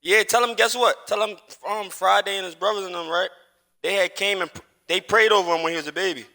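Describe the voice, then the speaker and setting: A man's voice: high-pitched, steady tone, fairly quick, creaky, pushed and bright. A man chatting casually while gaming on a live stream, rambling and teasing with lots of profanity. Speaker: streamer and father.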